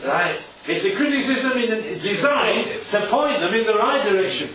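A man's voice: high voice, very animated, normal speed, fairly bright tone, slight background noise. A man leading an interactive sermon as a preacher, checking in with his listeners after nearly every point. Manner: constantly checks in with "right?". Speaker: preacher leading a Bible study. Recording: echoey room, distant dull mic.

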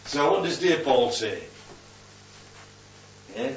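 A man's voice: medium pitch, lively intonation, a little slow, pauses often. A man preaching a Bible sermon in a conversational way, often checking in with "yeah?". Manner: conversational, keeps asking "yeah?". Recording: distant, roomy, dull recording with faint hum.

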